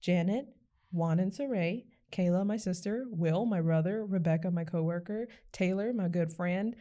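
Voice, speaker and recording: A woman's voice: lowish voice, normal speed, dark tone. A young woman co-hosting a podcast in casual chat, joking and chatty though a little choked up. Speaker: podcast co-host. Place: indoor podcast recording.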